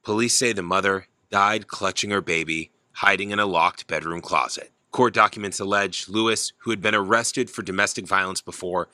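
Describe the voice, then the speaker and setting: A man reporting a news story in a measured, somber delivery. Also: low voice, fairly even intonation, pushed and bright, no room sound, clean studio sound.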